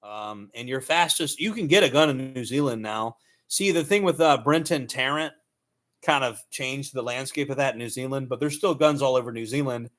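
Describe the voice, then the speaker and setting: Sex: man. Role: host. Style: casual monologue. Pitch: mid-range. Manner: rambling, restarting often. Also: moderate pace, fairly bright tone. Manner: rambling, many fillers and restarts, laughs at own jokes.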